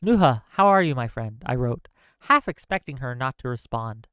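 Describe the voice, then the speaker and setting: Heated male stream commentator, smooth dry voice. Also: mid-range voice, animated, normal speed, a bit bright, no echo. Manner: heated, profane ranting, then reading an essay aloud. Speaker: stream host.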